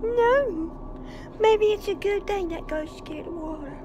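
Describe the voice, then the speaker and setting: Very high-pitched woman, slow and frantic. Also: background noise. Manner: frantic, whimpering, giggly. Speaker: comedy vlog host. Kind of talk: comic home video, acting scared of a ghost. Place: dark house at night. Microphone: handheld camera.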